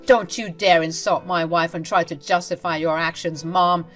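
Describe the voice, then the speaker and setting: A woman voicing an angry adult man, a husband and father, who speaks in a stern, forceful way. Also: lowish voice, steady tone, normal speed, soft background music, lightly acted. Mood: furious.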